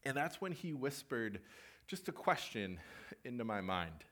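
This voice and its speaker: A young preacher delivers a sermon, telling a personal story in a conversational, animated way and acting out what people said. His voice sits in the mid range at a normal speed.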